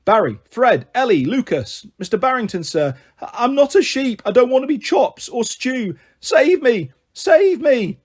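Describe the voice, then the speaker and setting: A man's voice: big pitch swings, fast, darkish tone. A man reading aloud, voicing a desperate boy who has become a sheep, in a raised, pleading storybook voice. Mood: panicked. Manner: pleading, rising panic, raised pitch.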